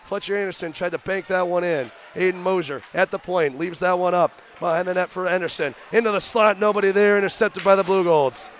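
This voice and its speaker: Young male play-by-play announcer, high voice, rapid-fire hockey calls, faint arena noise. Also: steady tone. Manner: rapid-fire calls, rising to shouts on shots. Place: arena broadcast booth.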